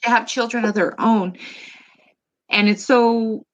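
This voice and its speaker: Animated mom telling family stories. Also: female voice, a little high, unhurried. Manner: warm, animated storytelling with laughs. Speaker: guest, mother of two. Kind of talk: casual interview chat.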